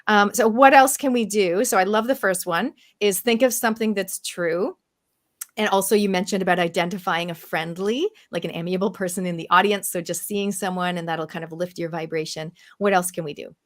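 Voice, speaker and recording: A woman's voice: mid-range voice, steady tone, fairly quick. A woman hosting a video call chat, talking in a chatty way and telling stories with quoted asides. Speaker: host. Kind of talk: casual chat on a live stream.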